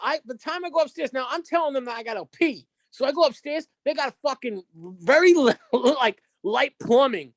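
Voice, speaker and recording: A woman's voice: high-pitched, moderate pace, hardly any pauses, dry recording. A woman, a podcast guest telling a story with lots of swearing, acting out every line of dialogue. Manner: animated, acts out quotes, heavy swearing.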